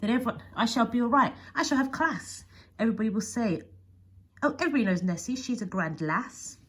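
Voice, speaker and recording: A woman's voice: mid-range voice, expressive, a little fast, husky, voice pushed up. A woman voicing a proud, rude female loch monster who talks in a haughty, self-important way, for a storybook read-aloud. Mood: dreamy.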